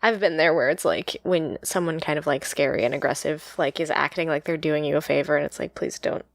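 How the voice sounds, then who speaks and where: On a studio-quality recording with no room sound, a woman with a deep voice and vocal fry speaks briskly. She co-hosts a podcast, chatting casually and rambling with plenty of fillers.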